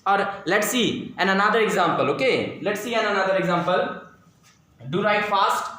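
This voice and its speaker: A male school teacher with an Indian English accent giving a slow, repetitive grammar lesson in a classroom, drilling pronunciation aloud. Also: high-pitched, bright, forceful tone. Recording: echoey classroom, very roomy.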